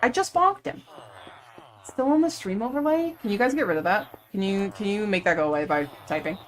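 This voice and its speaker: A young woman streaming live, chatting casually and rambling while she plays, quick to laugh. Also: mid-range voice, animated. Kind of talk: casual chat while gaming.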